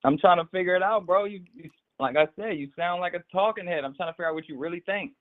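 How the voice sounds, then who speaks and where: A man's voice: sits high, quick pace. A man in his twenties calling into a stream, laid-back and slangy. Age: 20s. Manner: laid-back slang, calls everyone bro. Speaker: caller. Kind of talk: casual phone call. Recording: tinny phone line.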